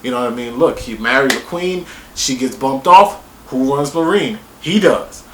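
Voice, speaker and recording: Excitable, rambling male reviewer with a lively, up-and-down delivery, recorded in an echoey room. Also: mid-range voice, moderate pace. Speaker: TV show reviewer. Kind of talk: casual spoken review.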